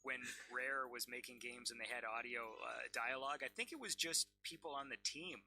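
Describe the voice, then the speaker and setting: A man hosting a live stream, talking in a relaxed, chatty way with his guest. His voice is very bright and sits at a middle pitch, friendly and enthusiastic. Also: moderate pace. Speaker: host. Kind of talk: casual chat on a stream.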